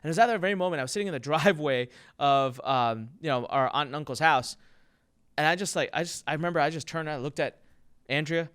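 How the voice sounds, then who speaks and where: A man, an entrepreneur, giving an emphatic and energetic motivational talk with business advice, telling stories and acting out what people said. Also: fairly high pitch, fast talker, clear, resonant tone. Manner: emphatic and energetic, acts out quotes.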